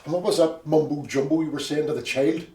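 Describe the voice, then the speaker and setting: An actor playing a blustering, sarcastic loyalist husband with a Belfast accent. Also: male voice, fairly high pitch, steady tone, brisk, dark tone, close to an everyday voice. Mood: ranting. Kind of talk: film drama acting. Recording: roomy audio from a distance.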